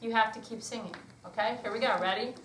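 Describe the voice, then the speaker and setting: A woman's voice: fairly high pitch, steady tone, quick pace, background noise. A woman music teacher leading a hands-on workshop, calling out rhythm commands and explaining to the group in a chatty way. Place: workshop room with an audience. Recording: echoey room, voice from far off.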